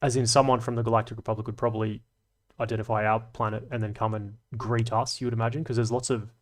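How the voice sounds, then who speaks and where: A man's voice: mid-range voice, flat delivery, fast talker. Male streamer, casual rambling chat, cheerfully sweary, frequent laughs. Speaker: livestream host. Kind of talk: casual livestream chat reading comments.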